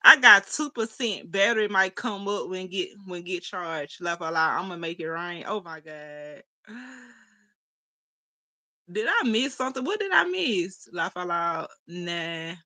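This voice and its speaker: Young woman on a phone livestream, aave, laughy and chatty w her chat, crisp bright tone. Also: fairly low pitch, lively intonation, a little slow. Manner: chatty, laughs often, talks to chat as y'all. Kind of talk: casual livestream chat, reading comments.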